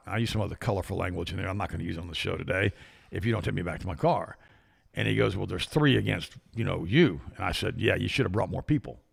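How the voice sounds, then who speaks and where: Gravelly older man telling stories. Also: on the low side. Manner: rambling, animated storyteller with many restarts. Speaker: show host. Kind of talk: storytelling on a talk show. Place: studio.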